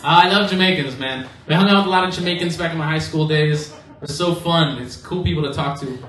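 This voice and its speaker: A stand-up comedian performs his set on a comedy club stage, his voice on the high side and brisk. His delivery is loose and rambling, broken by bursts of shouting. The room is echoey, the mic sits at a distance, and there's faint noise.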